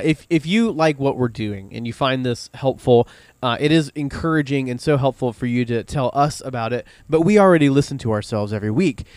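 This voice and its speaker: A man's voice: medium pitch, a little mellow, clear, resonant tone, no echo. Joking man co-hosting a family podcast. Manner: joking, wraps up the episode. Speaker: podcast co-host. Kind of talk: casual family podcast chat.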